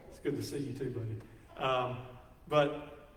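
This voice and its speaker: A man preaching a sermon, folksy and animated, joking with the congregation. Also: mid-range voice, a little slow. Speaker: pastor. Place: church sanctuary. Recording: echoey hall, speaker far from mic.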